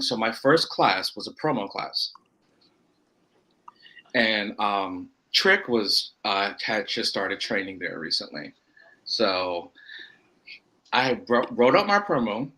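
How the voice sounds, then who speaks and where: A man from Florida, a wrestler guesting on a podcast, telling a rambling story full of quoted self-talk and quick asides. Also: fairly low pitch, pushed and bright, poor audio. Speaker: indie pro wrestler guest. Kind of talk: casual podcast chat.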